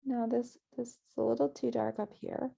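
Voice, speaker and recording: A woman teaching a virtual painting class, guiding students gently step by step at a close mic. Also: a little high, flat delivery, moderate pace, creaky, slightly rough. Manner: gentle, encouraging step-by-step guidance. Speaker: painting instructor.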